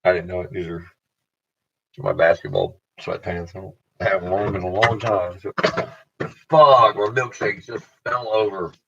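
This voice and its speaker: A man with a very low voice drifts through a loose, profane monologue, stopping and restarting his thoughts. The recording sounds dull and lo-fi, with the top end rolled off. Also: animated, creaky, a bit bright, husky. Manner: meandering, profane, halting restarts. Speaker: vlogger. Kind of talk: rambling casual monologue to camera.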